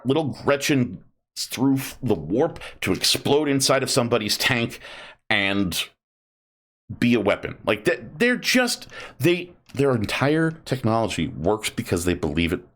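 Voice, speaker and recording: Guy streaming and rambling on, lowish voice but swings all over the place, goes squeaky for the silly bits. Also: a bit bright. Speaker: streamer building model kits. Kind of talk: casual livestream chat.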